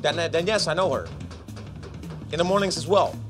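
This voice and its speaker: A man's voice: fairly high pitch, moderate pace, music in the background. A man presenting a live casino game, chatting playfully with viewers and joking between rounds. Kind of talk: lively chat with viewers while running a game.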